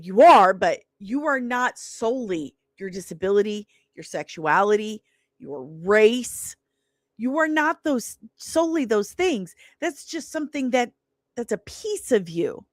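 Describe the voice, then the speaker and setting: A medium-pitched woman in her forties, a salon owner, tells a story casually, recorded with no room sound. She comes across as emphatic and indignant, stressing words hard.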